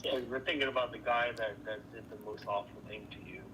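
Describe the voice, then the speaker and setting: A man's voice: medium pitch, fairly even intonation, fairly quick, background noise. A man chiming in with jokes during a casual chat, heard from farther off the mic. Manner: joking interjections.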